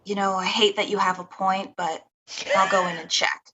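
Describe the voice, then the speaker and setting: Female player, bright and sharp, chatty, lo-fi. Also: medium pitch, flat delivery, a little hiss or hum. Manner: chatty, quick to laugh. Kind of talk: tabletop role-play. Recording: slightly dull lo-fi sound.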